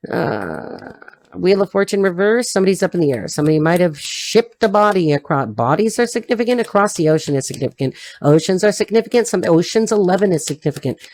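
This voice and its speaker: A woman's voice: lowish voice, animated, fast, a little mellow, dry recording. A woman giving an intuitive tarot reading to her audience, free-associating and repeating herself in a blunt, emphatic way. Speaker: tarot reader.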